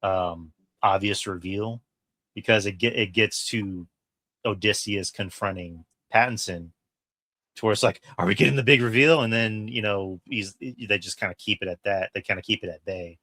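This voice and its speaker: A man with a low voice and a forceful, bright edge, telling a story on a casual review show. He swears often and puts weight on the big moments. The sound is dry and close. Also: fairly even intonation, normal speed, dry recording. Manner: profane, emphatic retelling. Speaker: podcast co-host. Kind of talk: casual film review chat.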